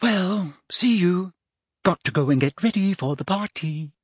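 A man's voice: high-pitched, animated, a little slow, breathy edge, dry recording, clean studio sound, voice pushed up, exaggerated voice. A man doing a smug clever schoolgirl. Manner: sweet, pointed.

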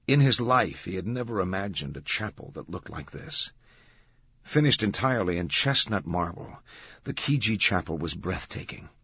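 A man narrating an audiobook in a measured, dramatic reading. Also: lowish voice, a bit bright, slightly rough, no echo. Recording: dull, dry studio sound.

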